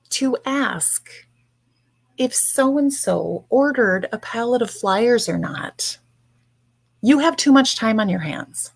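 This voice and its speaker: A woman's voice: on the high side, animated, slow pace, vocal fry, slightly rough. A woman hosting a livestream, ranting bluntly and sarcastically with frequent swearing. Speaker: livestream host.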